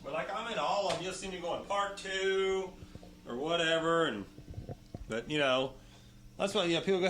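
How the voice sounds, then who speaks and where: A man with a bright, forceful and somewhat high voice tells stories in a loose, rambling way. He swears constantly and keeps tagging his lines with "you know" and "right", sounding like an easygoing guest in a casual interview. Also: moderate pace, a little hiss or hum. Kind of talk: casual storytelling.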